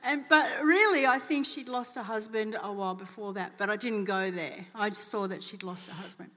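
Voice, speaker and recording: A woman telling a testimony from a church stage, animated and acting out the dialogue. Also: medium pitch, fairly quick. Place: church auditorium. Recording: church hall reverb.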